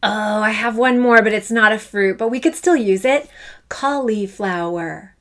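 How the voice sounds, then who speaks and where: A Canadian woman leads a children's music lesson, speaking directly to the learner with enthusiasm and encouragement. She chants fruit names in rhythm and stretches out the syllables, using a mid-range voice at a measured pace.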